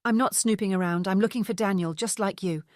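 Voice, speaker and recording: A woman voicing a confident young woman who is a spirited amateur investigator, brisk and teasing. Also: mid-range voice, dry recording, studio quality, close to an everyday voice.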